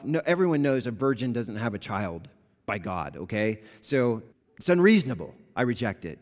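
A man preaching a sermon as a pastor, explaining scripture conversationally and bringing the story to life with lively retellings. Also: medium pitch. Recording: long reverb of a large hall.

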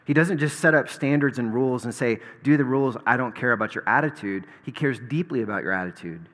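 A man's voice: mid-range voice, quick pace, a bit bright, in a large hall. A man preaching a sermon in a conversational way, with asides and touches of humor. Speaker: pastor.

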